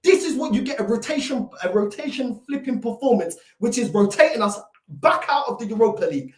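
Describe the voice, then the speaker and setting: A woman's voice: fairly high pitch, animated, brisk, darkish tone. A woman delivering a fuming, repetitive rant as a football fan reacting to a match. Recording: echoey room, mic at a distance.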